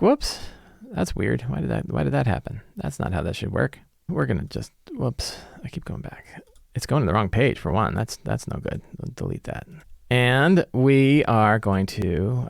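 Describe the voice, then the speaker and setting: A man's voice: medium pitch, no room sound, clean studio sound. A middle-aged man, a game master, chatting casually as he recaps his tabletop session and preps the next one. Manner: animated storyteller, loose and chatty, many fillers like "like". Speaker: game master and tabletop RPG content creator. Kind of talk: casual recap and campaign-prep chat.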